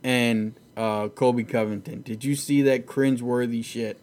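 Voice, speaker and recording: A man's voice: mid-range voice, fairly even intonation, normal speed, a little mellow. A man hosting a casual, profane chat about fights, rambling and laughing easily. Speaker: podcast host.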